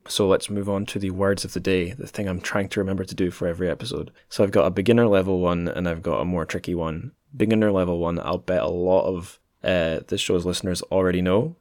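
A British man talks through his podcast alone, unhurried and meandering, stopping often on an um or a restart. His voice sits low and deep. The sound is dry and close, with no room around it. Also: darkish tone, dry recording. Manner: thoughtful, meandering, many ums and restarts. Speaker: podcast host. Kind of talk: casual solo podcast monologue.

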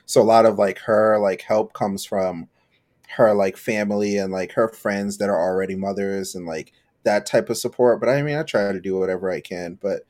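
A man's voice: on the low side, fairly even intonation, moderate pace, darkish tone. A young man chatting casually on a podcast, rambling with lots of fillers and acting out his own reactions. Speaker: podcast co-host.

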